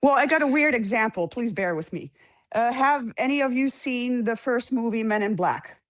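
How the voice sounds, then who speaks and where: A woman on a live online debate panel. Her voice sits a bit high, and she explains her point earnestly and at length. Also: animated, moderate pace.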